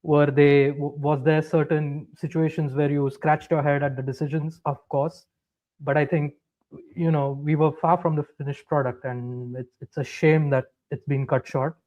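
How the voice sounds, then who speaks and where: A man calls in to a football show and talks things through slowly and thoughtfully, stopping now and then on an "um". His voice sits a touch high and reaches the show over a dull, lo-fi line. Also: little pitch movement, a little mellow. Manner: measured and reflective, hesitant fillers. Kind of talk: casual discussion. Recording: dull lo-fi call audio.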